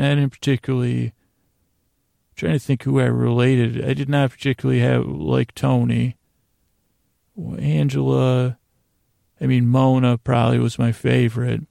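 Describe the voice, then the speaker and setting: A man with a deeply gravelly, fry-heavy voice rambles through a drowsy, self-deprecating recap in an almost monotone delivery. Recorded close and bone-dry, with no room around him. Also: dry recording. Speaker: podcast host. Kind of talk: casual rambling recap for sleep.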